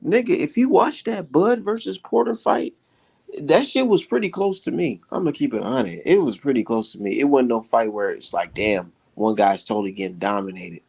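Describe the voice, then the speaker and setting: A man's voice: mid-range voice, expressive, moderate pace, creaky, a little mellow, husky. A man co-hosting a casual boxing chat, talking bluntly with plenty of swearing and repeated phrases. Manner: blunt, profane, repeats himself. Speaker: boxing podcast co-host.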